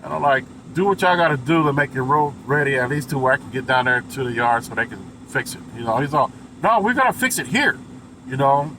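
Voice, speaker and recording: A man's voice: medium pitch, animated, a little fast, noisy background. A man who drives trucks tells a story in a casual vlog, acting out the other people's lines in raised voices and swearing freely.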